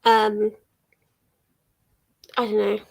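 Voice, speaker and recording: A woman's voice: mid-range voice, monotone, drawn-out words, vocal fry. An English young woman hosting a book livestream, chatting casually with many ums and small laughs. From England. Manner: chatty, rambling, lots of ums and little laughs. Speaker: book vlogger hosting a reading sprint. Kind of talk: casual chat to a livestream audience.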